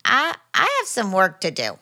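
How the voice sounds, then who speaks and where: An actress playing a soft-hearted, gushing housemaid, in 1940s radio acting style. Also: female voice, mid-range voice, wildly swooping pitch, moderate pace, full character voice. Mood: sympathetic. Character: soft-hearted female housemaid, fussy and sympathetic.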